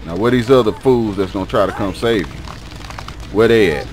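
A man's voice: fairly low pitch, normal speed, a little hiss or hum. A man streaming a game live, playfully trash-talking his opponents in slang. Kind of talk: live gameplay commentary.

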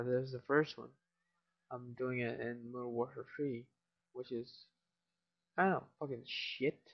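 Tired teen male gamer doing casual commentary, gravelly voice, cursing often, dull lo-fi mic. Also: medium pitch. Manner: tired, mumbling, swears a lot. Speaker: gameplay commentator.

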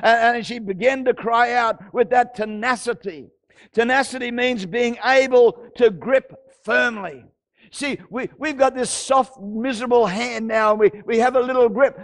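Cast: Australian male pastor, very high voice, fervent, repeats himself, builds to shouted exhortations. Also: normal speed. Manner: impassioned, repeats phrases, rises to shouts. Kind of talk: sermon.

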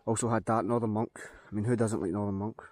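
A man's voice: lowish voice, steady tone, fast, darkish tone, no room sound. A Scottish man talking casually to camera in a forest, chatty and upbeat as he thinks aloud. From Scotland. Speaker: outdoor vlogger. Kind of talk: casual vlog talk to camera. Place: outdoors in a forest.

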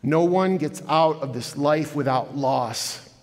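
A man's voice: fairly high pitch, takes it slowly, a little mellow. A man giving an earnest inspirational talk as guest speaker in a church, telling stories to the audience. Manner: earnest, conversational storytelling addressing the audience. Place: large church hall. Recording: echoey church hall.

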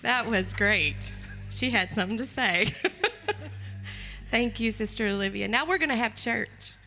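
Woman, service leader, upbeat short remarks, fairly high voice, clear music behind. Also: unhurried. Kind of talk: church announcements.

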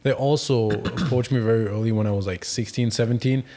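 A man's voice: mid-range voice, a little fast, mellow. A young man with a German accent, speaking English as a second language, talking casually as a podcast guest with many hesitations and restarts. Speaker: guest, professional soccer player.

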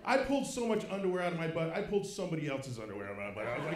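A man in his thirties doing stand-up comedy on a club stage, swinging from low mutters to loud shouted punchlines. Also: expressive, racing, over a noisy crowd. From Kansas City, United States. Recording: roomy club sound.

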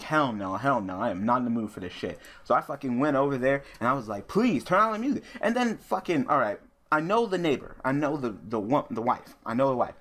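A man's voice: medium pitch, fairly bright tone. A man telling a profane, ranting story while commentating a card game he is playing. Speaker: gaming YouTuber. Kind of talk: venting commentary over card game play.

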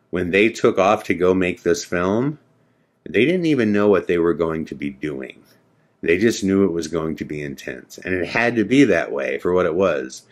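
Deep guy podcasting, chatty, telling a creepy story, does the back-and-forth lines. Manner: animated, acts out quoted dialogue; casual, filler-heavy speech. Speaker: podcast host.

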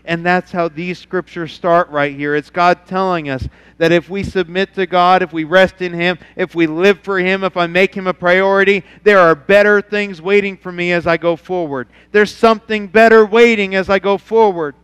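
A man who is a pastor, preaching a sermon at his church, who climbs to emphatic, near-shouted passages and then drops to soft, low, intimate talk. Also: steady tone, moderate pace, hardly any pauses, clear, resonant tone, long reverb tail. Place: church sanctuary.

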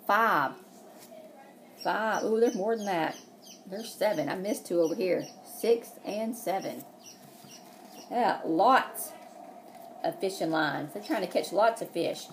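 A woman's voice: medium pitch, slight background noise. A woman preschool teacher, reading a picture book aloud and asking the children questions.

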